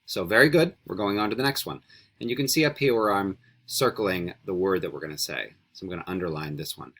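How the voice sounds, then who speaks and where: A man's voice: sits low, a bit bright. A man teaching a beginner Spanish video lesson, patient and encouraging, switching between English and Spanish. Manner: patient, encouraging, repeats words slowly for students. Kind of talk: recorded classroom video lesson.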